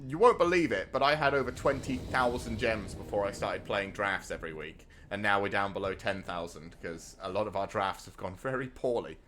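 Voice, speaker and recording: A man's voice: lowish voice, a little fast, hardly any pauses, a bit bright, soft background music. A British man in his thirties, a streamer chatting to viewers while playing a card game. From Britain. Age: 30s. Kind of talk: casual gameplay commentary.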